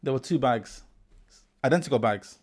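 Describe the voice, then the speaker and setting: A man in his forties, a teacher hosting a podcast, tells animated anecdotes and acts out the people he quotes. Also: medium pitch, moderate pace. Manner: animated anecdotes, quoting people with lively voice shifts. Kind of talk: casual storytelling in an interview.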